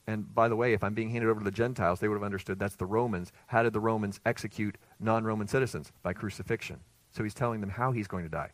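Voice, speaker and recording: A man's voice: lowish voice, fast talker, no echo. A man preaching an expository sermon with emphatic rhetorical questions that build in intensity. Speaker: pastor.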